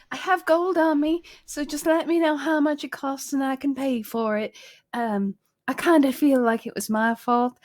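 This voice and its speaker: High-voiced female player, hesitant, rambling in-character talk. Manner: rambling, hesitant, self-conscious. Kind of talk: casual in-character role-play.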